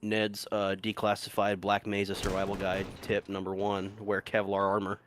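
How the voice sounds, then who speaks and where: A man's voice: lowish voice, completely flat delivery, normal speed, slight background noise. A man casually commenting while playing a video game, rambling, swearing freely and laughing often.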